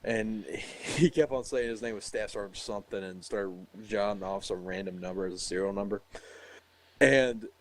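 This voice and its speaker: A man's voice: lowish voice, normal speed. A man casually telling a story among friends, swearing freely and laughing often. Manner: profane, animated, laughs often.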